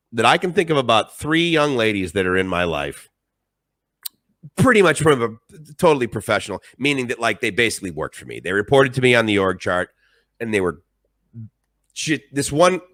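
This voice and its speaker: A man's voice: on the low side, pushed and bright, dry recording, studio quality. A middle-aged man telling stories on a live stream in a rambling, emphatic and emotional way. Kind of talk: casual live-stream monologue.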